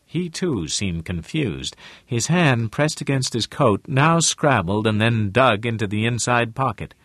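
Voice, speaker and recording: An audiobook narrator of medium pitch reads a novel aloud from a script, steady and measured in his storytelling. Clean studio sound, dry.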